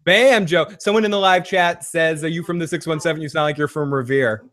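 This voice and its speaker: A man's voice: a little high, fairly bright tone. Upbeat man hosting call-ins. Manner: brisk, upbeat, moderating. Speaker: host. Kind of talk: live call-in show hosting.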